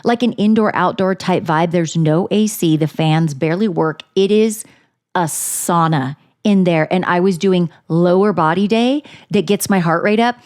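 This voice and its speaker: A woman co-hosting a casual chat, candid and quick to laugh, swearing freely. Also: lowish voice, darkish tone. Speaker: podcast co-host.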